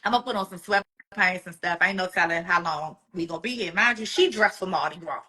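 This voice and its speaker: A woman guest telling an emotional personal story, animated and acting out the voices of the people she quotes. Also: on the low side, a little fast.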